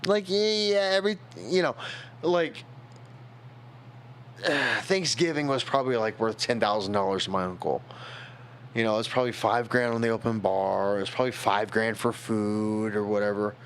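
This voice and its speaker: A man's voice: on the low side, fairly bright tone, slight background noise. Rambling young man telling a story. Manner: rambling, halting, emotional. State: tipsy. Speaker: streamer. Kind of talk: casual storytelling on a stream.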